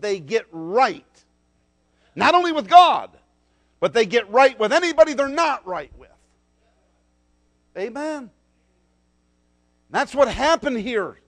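A man preaching a sermon, dramatic and swinging between loud declarations and soft, low asides.

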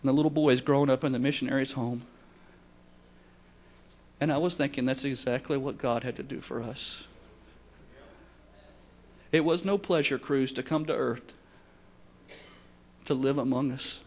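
A man preaching a sermon, swinging between shouted passages and hushed, quiet ones. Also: medium pitch, fairly even intonation, normal speed, long pauses. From Texas.

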